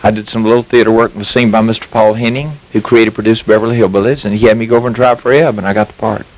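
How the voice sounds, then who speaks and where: A man's voice: on the low side, level tone, quick pace, darkish tone, poor audio. Folksy Southern man in his fifties. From Mississippi, US. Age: 50s. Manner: folksy, chuckling anecdotes. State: a little tired. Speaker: interview guest, actor. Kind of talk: casual storytelling interview. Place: mobile home sales lot.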